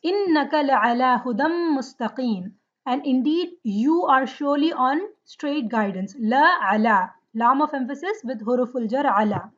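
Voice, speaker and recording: A woman teaching Arabic grammar, slowly drilling word forms and checking in with her students. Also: high voice, animated, fairly bright tone, dull audio. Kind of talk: lesson on Quranic Arabic grammar.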